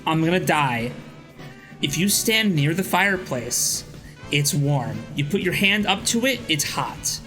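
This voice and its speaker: A man's voice: high-pitched, expressive, a little slow, bright, forceful tone, rough recording. Rambling young man streamer. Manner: rambling storyteller with restarts and swearing. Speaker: streamer host. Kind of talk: casual stream chat. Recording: music playing faintly behind.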